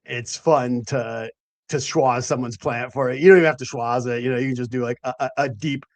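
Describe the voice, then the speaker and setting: A man's voice: mid-range voice, steady tone, a little fast. A man hosting a casual late-night chat, profane and rambling. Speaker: host.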